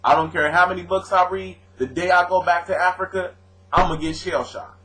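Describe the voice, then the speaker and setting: Young man in an animated vlog rant. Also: high voice, fairly quick, rough recording. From born in Louisiana, raised on the US West Coast. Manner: animated, argumentative, slangy, addresses viewers directly. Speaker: vlogger answering his commenters. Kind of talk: casual argumentative video rant.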